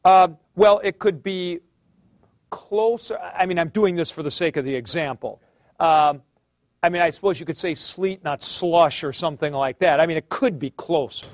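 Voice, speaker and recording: A man's voice: fairly high pitch, moderate pace, no echo. A man teaching a class, explaining patiently, calling on students by name and thinking aloud as he goes. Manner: thinks aloud with fillers and restarts. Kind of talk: classroom lecture.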